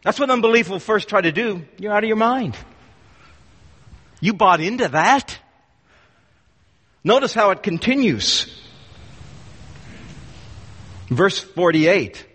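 A man's voice: sits high, expressive, slow, pauses often, a bit bright, breathy edge. A man preaching a sermon to his congregation, emphatic and repeating words for force. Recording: long hall reverb.

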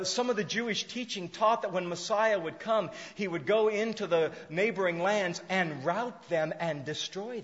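Impassioned high-voiced male preacher. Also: long reverb tail, muffled recording. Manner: impassioned, swings from shouting to hushed. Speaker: pastor. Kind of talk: sermon.

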